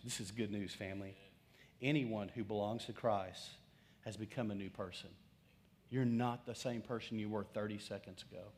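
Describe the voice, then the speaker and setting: Preaching pastor, loud then hushed. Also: male voice, medium pitch. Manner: conversational preaching with swings between loud emphasis and hushed, slowed lines. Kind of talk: sermon.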